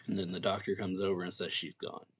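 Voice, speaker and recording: Man, low-ish voice, offhand host recapping a chapter, chatty with filler words. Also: little pitch movement, quick pace, breathy edge. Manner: loose and conversational, frequent "like" and "yeah". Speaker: manga reaction channel host.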